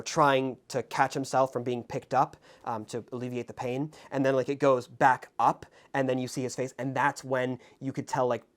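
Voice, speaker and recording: A man hosting his own film review video, talking to camera in a reflective, halting way with many fillers and restarts, earnest and openly moved. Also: medium pitch. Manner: ornate formal sign-off. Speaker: film review channel host. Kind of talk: casual spoken film commentary to camera. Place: indoors in front of a camera.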